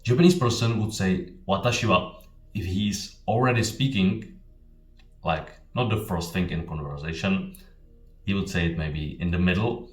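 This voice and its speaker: Deep-voiced man teaching in a roomy space. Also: far from the mic. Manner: emphatic, repeats key points. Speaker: Japanese teacher. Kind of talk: explanatory language lesson. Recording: roomy, off-mic, faint music. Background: faint background music.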